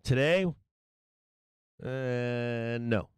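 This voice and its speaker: A man hosting a live stock market stream, giving brash, excitable trader banter as prices move. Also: medium pitch, drawn-out words, clear, resonant tone, dry recording. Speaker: stock market livestream host.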